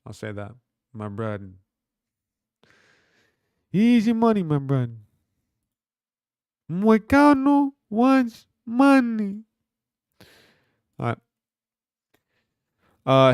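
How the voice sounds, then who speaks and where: A man's voice: medium pitch, clear, resonant tone, no echo, clean studio sound. A man hosting a livestream, reading chat and talking back to it in a rambling, profane, slangy way. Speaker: livestream host.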